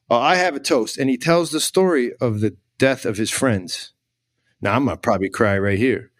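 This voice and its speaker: A man's voice: medium pitch, no room sound, clean studio sound. A middle-aged man, a podcast guest, telling a story with emphatic repetition and rising emotion. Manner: emphatic, repeats words for emphasis, emotional at times. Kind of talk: animated storytelling in conversation.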